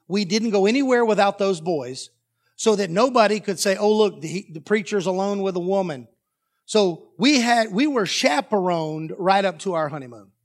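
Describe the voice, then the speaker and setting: High-voiced preacher man. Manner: animated storytelling that acts out dialogue. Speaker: pastor. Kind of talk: sermon.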